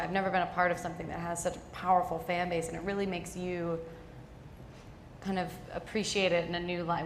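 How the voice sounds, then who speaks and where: A young actress in her twenties answering audience questions casually, rambling and self-deprecating with lots of "like". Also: on the low side. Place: auditorium with live audience. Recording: echoey hall with reverb and clear noise.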